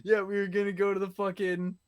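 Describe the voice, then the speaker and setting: A man with a slightly raised voice rambles through a story on a relaxed podcast. he swears casually and stops to dig for details as he goes. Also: high voice, fast talker, clear, resonant tone. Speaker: podcast co-host. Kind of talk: casual chat.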